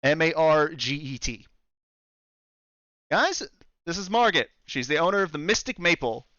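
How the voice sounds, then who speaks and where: A man's voice: on the high side, lively intonation, brisk, pushed and bright, no room sound, lo-fi sound. A young man running a tabletop game as game master, narrating in a rambling way with fillers.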